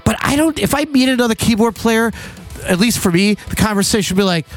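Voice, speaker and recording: A man's voice: sits high, animated, quick pace. A man co-hosting a casual podcast, laughing often and swearing freely. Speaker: podcast co-host. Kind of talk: casual comedic chat.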